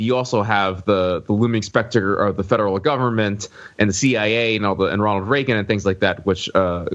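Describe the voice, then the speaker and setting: A man's voice: lowish voice, a bit bright, lo-fi sound. A man from the American South co-hosting a podcast, talking casually about a film and often searching for his words. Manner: searching for words, many fillers and restarts. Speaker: podcast co-host.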